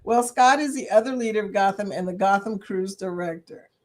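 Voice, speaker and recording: A woman's voice: mid-range voice, brisk. An older woman hosting a casual livestream chat, reading viewer comments aloud and laughing often between remarks. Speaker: livestream host.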